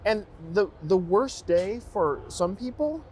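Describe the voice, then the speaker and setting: A man's voice: sits high, sing-song, slow pace, a little mellow, a little hiss or hum. A man hosting a long-form interview, offering brief encouraging affirmations and sharing stories. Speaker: interview host.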